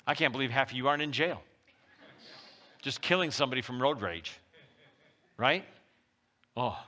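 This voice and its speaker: A male pastor giving a conversational sermon, swinging between loud pushes and soft drops. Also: medium pitch. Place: church.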